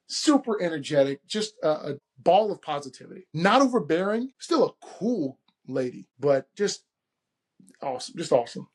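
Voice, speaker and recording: An animated man tells a travel story in a relaxed monologue. His voice sits a touch higher than most men's, and he acts out the people he quotes with shifting voices. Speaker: podcast host.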